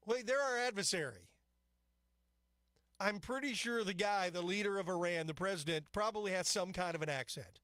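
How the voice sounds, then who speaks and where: A male talk-radio host rambles through the news and his own asides with an opinionated, chatty delivery. His voice sits a little high for a man. It is recorded dry and close in a studio. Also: normal speed, a bit bright, no echo. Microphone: studio microphone.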